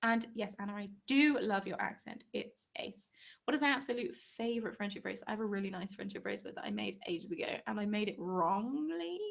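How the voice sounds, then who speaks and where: A woman's voice: medium pitch, animated, a little fast, vocal fry. A young English woman hosting a crafting live stream, chatting casually and reading out viewer comments in a giggly, rambling way. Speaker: crafting channel host.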